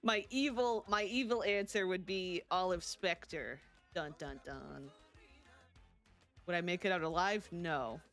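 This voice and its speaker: A woman's voice: lowish voice, moderate pace, hardly any pauses, a bit bright, soft background music. A woman streaming a life-sim game, chatting casually and laughing often as she answers her chat. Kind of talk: casual live-stream chat while playing.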